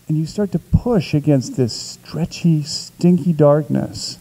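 A man, an author at a Q&A, telling a long, vivid anecdote in a casual way with small restarts, slowing and building as the story grows. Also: a little high, warm tone, rough recording. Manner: vivid, building storyteller who shifts pace for effect. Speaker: author answering a question.

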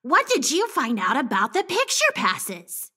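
A woman's voice: sits high, huge pitch swings, a little slow, sharp tone, full character voice. A woman voicing a cheerful kid character. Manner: upbeat, encouraging questions to kids. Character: cheerful friendly boy character. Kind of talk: children's church puppet show.

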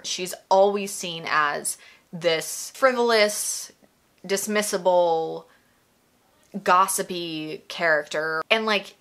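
A woman's voice: lowish voice, a bit bright. A woman hosting a video essay commentary. She talks casually and emphatically, often with "like", and asks many exasperated rhetorical questions. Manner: casual, filler-heavy with frequent "like".

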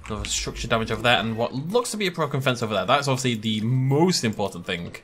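Chatty man, lively gameplay commentary. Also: medium pitch, quick pace. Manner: chatty, self-amused, laughs often. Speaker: gaming YouTuber.

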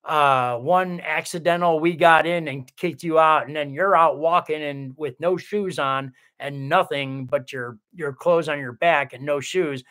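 Rambling, profane livestream host, higher-pitched man. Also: unhurried, few pauses, fairly bright tone. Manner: rambling, profane, full of restarts; reads viewer comments aloud. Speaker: livestream host reading viewer chat. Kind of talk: casual livestream chat.

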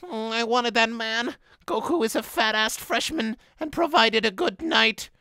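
Lady doing a cocky flirty gangster dude, brash and drawly, bouncy high voice, dry sound. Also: expressive, unhurried, bright, forceful tone, no echo, exaggerated voice. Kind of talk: comic fanfic reading.

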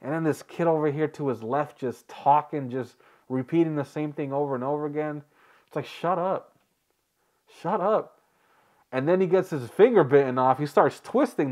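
A man's voice: fairly high pitch, darkish tone. A man hosting a reaction video, chatting casually, rambling and joking with frequent laughs.

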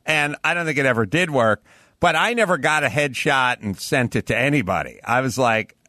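A man's voice: mid-range voice, animated, brisk, pushed and bright, dry recording, studio quality. A man hosting a podcast, telling rambling, profane anecdotes in casual chat. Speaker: podcast host.

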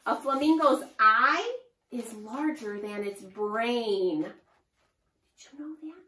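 Sing-song preschool teacher woman, high and lively. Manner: slow, sing-song, exaggerated teacher delivery. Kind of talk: children's lesson. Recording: echoey room, far from mic.

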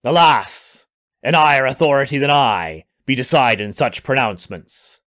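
A man doing a menacing pirate captain who snarls threats in old seafaring speech. The voice drops well below a storyteller's own, low and hushed with menace, in a spoken adventure story. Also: lively intonation, moderate pace, lightly acted.

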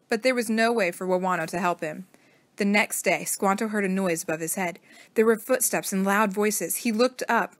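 A woman reading a children's storybook aloud as narrator, in a steady, plain manner. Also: medium pitch, dry recording.

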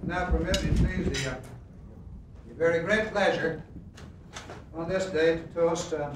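A man giving a formal ceremonial toast with measured, solemn delivery. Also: fairly high pitch, steady tone. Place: large ceremonial room. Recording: echoey hall from far off, noisy archive recording.

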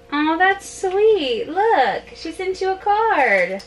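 A woman's voice: extremely high pitch, very animated, takes it slowly, few pauses, a little hiss or hum. A woman vlogging at home who chats in a gushing, emotional way, full of "like" fillers, while opening packages with her toddler. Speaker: family vlogger. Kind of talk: casual vlog chat with a toddler.

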